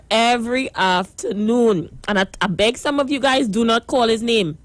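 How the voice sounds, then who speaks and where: A woman hosting live call-in radio from a studio, firmly wrapping up and appealing to her listeners. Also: a little high. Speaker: radio host.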